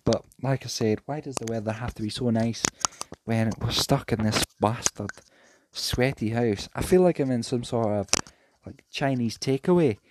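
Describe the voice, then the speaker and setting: A man's voice: mid-range voice, darkish tone, a little hiss or hum. A young man, ranting casually and cheekily in a solo podcast from his bedroom. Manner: rambling, sweary, cheeky. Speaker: podcast host.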